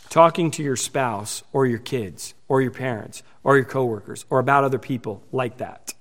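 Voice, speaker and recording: A man preaching a sermon as pastor, earnest, with emphatic repetition. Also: mid-range voice.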